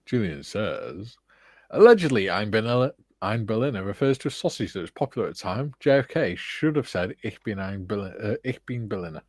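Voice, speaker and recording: A man's voice: fairly low pitch, lively intonation, fairly quick, hardly any pauses, dry recording. A man hosting a live stream, reading viewers' chat comments aloud and adding dry quips.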